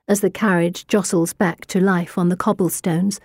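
Woman audiobook narrator, first person, dramatic and expressive, dry booth sound. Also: fairly low pitch, normal speed, slightly rough, no room sound. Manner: expressive, rising to tense urgency. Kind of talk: first-person novel reading.

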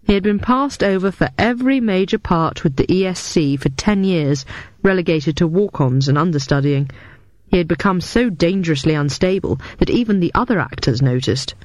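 An audiobook narrator reading a novel in a measured, even way. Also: medium pitch, no room sound.

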